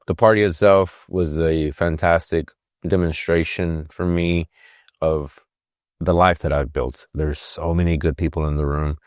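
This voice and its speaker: A man in his fifties hosts a podcast, speaking casually and reflectively in a rumbling low voice. He sounds emotional and tends to ramble, with lots of fillers and restarts. The studio-quality recording has no echo.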